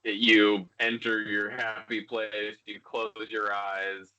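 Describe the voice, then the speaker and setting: A man's voice: fairly low pitch, level tone, takes it slowly, sharp tone. A young man narrating as game master of a tabletop game, loose and full of fillers. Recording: dull lo-fi home recording.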